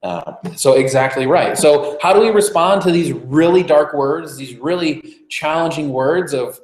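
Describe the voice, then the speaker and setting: A man's voice: on the high side, a little slow. A man delivering a conversational sermon as pastor, informal, with frequent fillers and restarts. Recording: roomy, echoey church room.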